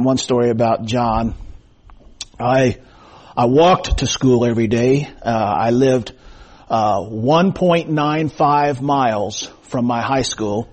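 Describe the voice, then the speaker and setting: A middle-aged male pastor preaching a sermon, reading scripture and praying slowly, then telling stories folksily with many fillers. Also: mid-range voice, darkish tone. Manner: slow, measured scripture reading and prayer; folksy storytelling with frequent fillers. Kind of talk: sermon with prayer and personal storytelling. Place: church sanctuary.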